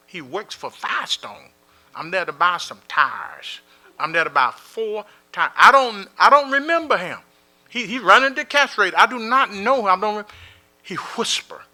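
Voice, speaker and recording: A man's voice: sits high, bright, forceful tone. A man speaking as a Muslim prison chaplain, telling plainspoken stories to a gathering and repeating key phrases for emphasis. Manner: plainspoken storytelling, acting out dialogue in scenes. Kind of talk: motivational talk to a community gathering.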